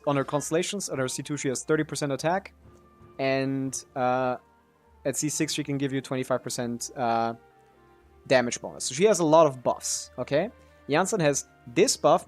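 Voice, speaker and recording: A man giving casual gaming commentary, explaining character mechanics with frequent "uh" fillers and slowing down to emphasize points. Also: medium pitch. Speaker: game content creator. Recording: faint background music.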